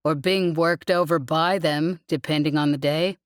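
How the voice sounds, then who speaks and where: A woman's voice: sits low, steady tone, moderate pace, no echo, natural voice. A woman voicing a weary, wisecracking female demolition crew leader in an audiobook. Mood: wry. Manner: dry, joking about bureaucracy.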